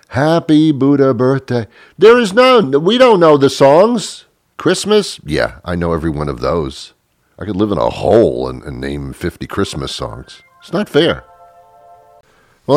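A low-voiced male host rambles through a comic radio monologue, stammering and joking at his own expense. His delivery swings widely in pitch. The recording is close and dry. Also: big pitch swings, moderate pace, dry recording, soft background music. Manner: rambling, stammering, self-mocking. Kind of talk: comedic talk radio monologue.

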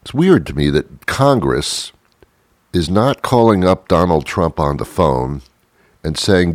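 A man's voice: low voice, animated, takes it slowly, no room sound, studio quality. A man performing a sarcastic comedic monologue, ranting and chuckling at his own jokes.

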